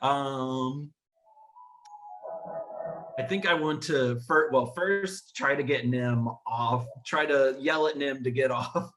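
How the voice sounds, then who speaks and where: A man's voice: mid-range voice, takes it slowly, fairly bright tone, soft background music. A man playing a tabletop game, hesitant and laughing often as he decides. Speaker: player. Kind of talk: casual chat during a tabletop game.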